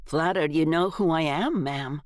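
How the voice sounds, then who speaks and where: A woman's voice: low voice, measured pace, darkish tone, dry recording, studio quality. A woman voicing an insolent older schoolboy with a whiny, sulky drawl.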